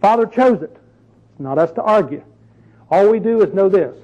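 A man's voice: high-pitched, animated, moderate pace, dark tone, dull audio. A man preaching a sermon in a conversational, emphatic way, full of rhetorical questions.

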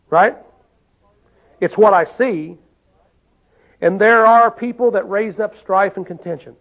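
A man's voice: high-pitched, takes it slowly, gravelly, long pauses. A man preaching a sermon in a folksy way, often asking the listeners questions and saying "see?". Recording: tinny phone-like sound.

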